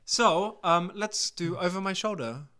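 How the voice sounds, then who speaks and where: Bright, slightly high male host, teasing banter between songs. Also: measured pace, clean tone. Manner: playful, teasing, laughs often. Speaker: musician hosting a livestream concert. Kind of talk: casual chat between songs.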